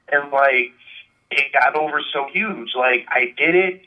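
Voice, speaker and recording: A man's voice: mid-range voice, normal speed. Rambling man on a tinny phone line. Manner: rambling storyteller, many fillers. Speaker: guest, wrestler. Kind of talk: casual phone interview.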